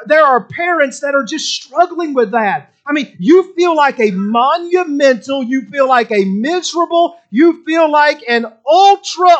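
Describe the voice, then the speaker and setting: A man's voice: very high-pitched, dull audio. A middle-aged man preaching a sermon with impassioned, repetitive emphasis.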